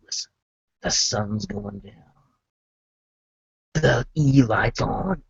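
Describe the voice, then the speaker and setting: A man's voice: fairly low pitch, very slow, creaky, pauses often, slight background noise. A man telling a rambling comic story in hip retro slang, full of asides. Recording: dull lo-fi dry sound.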